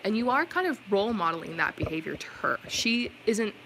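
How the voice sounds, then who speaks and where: A woman's voice: mid-range voice, sing-song, fairly quick, creaky, a bit bright, a little hiss or hum, low-quality recording. A woman giving a tarot reading on a live stream, talking in a chatty, reassuring way with many "like" fillers. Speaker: tarot reader.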